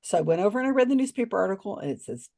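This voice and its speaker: A woman guest on a podcast, telling a story expressively with many restarts and asides. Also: creaky. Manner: expressive, swings pitch widely when recounting others; talks in quick restarts and asides. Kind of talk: animated storytelling in a casual interview.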